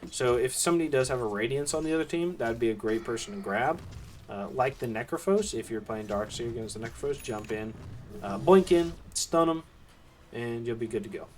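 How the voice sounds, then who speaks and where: A man's voice: mid-range voice, expressive, a little fast, slight background noise. A man with a Southern US accent giving casual solo play-by-play commentary on an esports match. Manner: easygoing, chatty, with asides and fillers. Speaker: esports caster.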